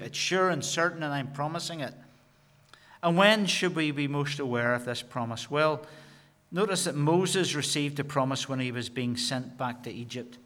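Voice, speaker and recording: Man, preacher, sermon, mid-pitched voice, emphatic slow phrases, repeats words. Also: a bit bright. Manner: slows down and stresses key phrases.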